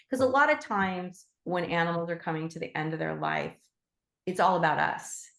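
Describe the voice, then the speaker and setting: Gentle, slightly gravelly woman teaching. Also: lowish voice, expressive, normal speed, reverberant. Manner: gentle, heartfelt, with fillers and restarts. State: emotional. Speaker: animal Reiki teacher. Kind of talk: casual spoken teaching.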